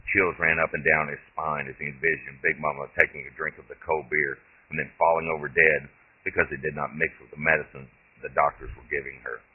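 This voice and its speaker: A man, the author, reading his own short story aloud in steady, plain storytelling. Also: very deep voice, a little fast, breathy edge. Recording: tinny lo-fi phone-like audio.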